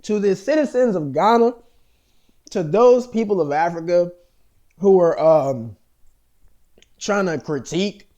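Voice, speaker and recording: American male vlogger, slightly higher voice, loose rambling monologue packed with fillers and cursing. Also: a little mellow. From United States. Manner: profane, rambling, heavy with fillers and restarts.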